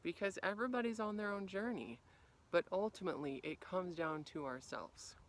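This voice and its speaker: Outdoors on a freezing day, a woman life coach gives a motivational talk to camera at normal speed. She's animated, acting out quoted reactions with sudden big jumps in pitch and volume, then turning soft and quiet for her reflective points.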